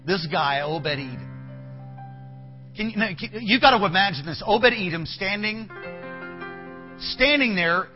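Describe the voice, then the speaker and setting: A man's voice: sits high, normal speed, pauses often, dull audio. A man preaching a sermon, telling a Bible story with acted-out voices and asides. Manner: animated, acts out characters, talks to the band. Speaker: pastor. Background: soft band music.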